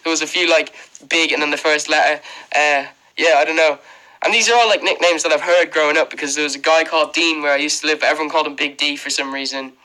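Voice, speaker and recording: A man's voice: fairly high pitch, steady tone, quick pace, pushed and bright, rough recording. A young Irish man chatting casually on a phone livestream from his bedroom, rambling with fillers as he thanks viewers one by one. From Ireland. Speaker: livestream host. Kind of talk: casual livestream chat reading comments. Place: bedroom indoors. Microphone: phone held close.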